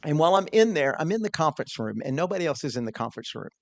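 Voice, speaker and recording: Man, gravelly voice, mid pitch, earnest storytelling, dry close sound. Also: rapid-fire, no room sound. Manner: earnest, animated storytelling with quoted inner thoughts. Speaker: podcast guest. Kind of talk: storytelling in a conversation.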